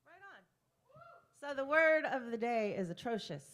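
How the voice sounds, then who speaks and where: Lively, brash woman hosting a slam. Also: on the high side, normal speed. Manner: brash, teasing, profane crowd work. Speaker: poetry slam host. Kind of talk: live emcee banter. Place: live poetry venue in a bar.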